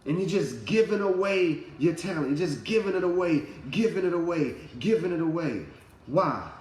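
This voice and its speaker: A man's voice: on the high side, lively intonation, normal speed, darkish tone, roomy sound. A man giving a casual motivational talk, telling his story with slang and swearing. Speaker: motivational speaker.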